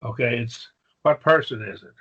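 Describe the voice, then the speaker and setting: A man's voice: mid-range voice, normal speed, fairly bright tone, breathy edge, highs cut off. A man teaching a Greek grammar class, patiently quizzing his students with questions. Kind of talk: classroom lesson.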